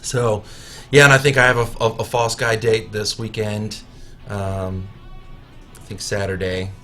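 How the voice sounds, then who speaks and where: A man's voice: fairly low pitch, level tone, fairly bright tone, soft background music. A man, a musician guest on a radio show, chatting casually in a studio, joking about himself and restarting his sentences often. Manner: joking, self-mocking, halting restarts.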